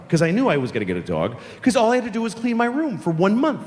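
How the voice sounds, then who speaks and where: A man's voice: high voice, wildly swooping pitch, very fast, few pauses, a little mellow. A middle-aged man doing a stand-up comedy routine, ranting profanely with exasperated outbursts. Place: comedy venue stage. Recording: live hall reverb, faint ambience.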